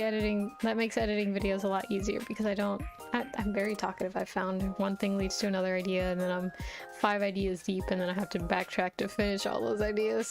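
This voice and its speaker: A woman's voice: medium pitch, creaky. A woman streamer chatting casually and rambling while she plays a video game, laughing often. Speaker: VTuber streamer. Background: faint game music.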